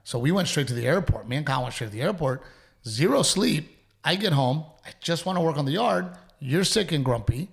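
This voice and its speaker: A young adult man co-hosting a podcast tells a story in a casual chat, his fairly high, quick voice carrying vocal fry as he animatedly acts out quotes and swears freely.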